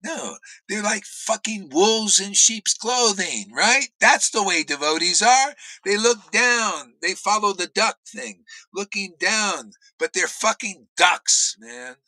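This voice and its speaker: A man teaching on devotion in a blunt, profane, informal rant, swinging between shouts and low muttered asides. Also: lively intonation, takes it slowly, few pauses, dry recording, low-quality recording. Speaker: spiritual teacher.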